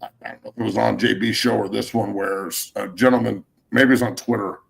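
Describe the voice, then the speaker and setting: A man's voice: fairly low pitch, steady tone, a little fast, creaky, fairly bright tone. A middle-aged man hosting a sports talk show, ranting in a heated, profane way and getting fired up. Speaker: podcast host.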